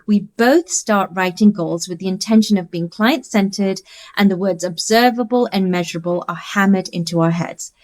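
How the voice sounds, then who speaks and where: A woman hosting a podcast, reading a scripted introduction with lively rising emphasis. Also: lowish voice. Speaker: podcast host.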